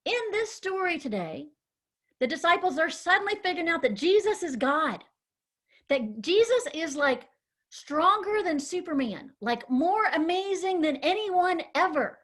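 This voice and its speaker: Upbeat woman teaching kids a bible lesson, encouraging, really high bright voice. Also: unhurried. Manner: animated, encouraging, calls on children by name. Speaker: children's ministry teacher.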